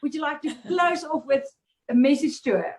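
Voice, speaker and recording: Woman interviewer, kinda high voice, upbeat and encouraging. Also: moderate pace, a little mellow. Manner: encouraging, affirming. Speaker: interview host. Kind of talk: casual interview chat.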